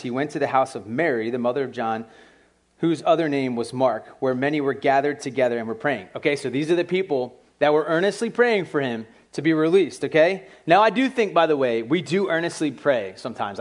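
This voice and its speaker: A man preaching a conversational sermon in a casual, animated way, with asides to the congregation. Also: mid-range voice. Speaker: pastor.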